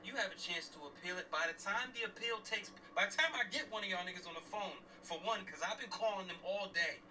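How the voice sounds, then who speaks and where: A man's voice: high voice, a little fast, pushed and bright, recorded from a distance, a little hiss or hum, poor audio. A middle-aged man, a father and former police officer, ranting angrily and bluntly while driving, swearing and repeating himself for emphasis. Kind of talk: heated livestream rant. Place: in a car, driving.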